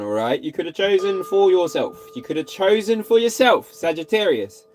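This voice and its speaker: A man giving a casual tarot reading, animated and repetitive, now and then singing or whooping. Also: high voice, brisk, few pauses, faint music behind. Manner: animated, repeats phrases, breaks into scat singing and whoops. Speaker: tarot reader.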